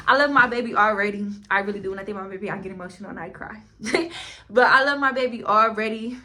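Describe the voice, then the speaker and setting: A woman's voice: medium pitch, rapid-fire, sharp tone. A woman vlogger telling a casual storytime to her viewers, candid, chatty and blunt, with frequent swearing.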